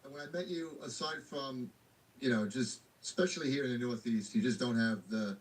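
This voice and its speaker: A man hosting a podcast, who asks his questions haltingly with long winding lead-ins. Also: medium pitch, far from the mic, poor audio. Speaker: podcast host. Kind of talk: casual interview.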